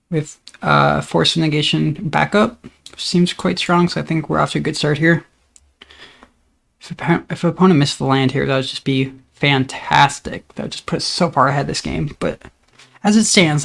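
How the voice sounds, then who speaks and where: A man giving casual commentary on his own card game, thinking aloud about each play in a relaxed, upbeat way. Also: a little high, vocal fry.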